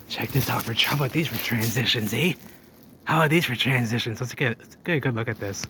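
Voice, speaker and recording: A man narrating as he walks through an old drained canal, talking excitedly to the camera. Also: medium pitch, fairly quick. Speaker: urban explorer vlogger. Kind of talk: handheld walking commentary. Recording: noisy outdoor ambience.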